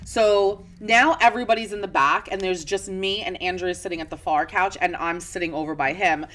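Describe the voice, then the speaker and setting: An American woman co-hosting a podcast, telling a story from her shop in a casual, animated way and acting out what people said. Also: medium pitch, a little fast. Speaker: podcast co-host, shop owner.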